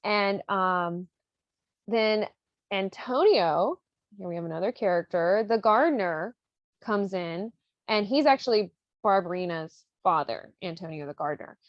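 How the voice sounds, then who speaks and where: A woman's voice: mid-range voice, lively intonation, measured pace, no room sound, lo-fi sound. A woman hosting a podcast, casually retelling an opera plot with loose, profane talk full of "like". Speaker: podcast host.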